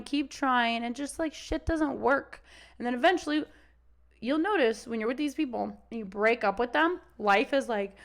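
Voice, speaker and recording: A woman's voice: fairly high pitch, a bit bright. A young adult woman dog trainer talking casually on a podcast, swearing freely and acting out the voices of dogs and owners.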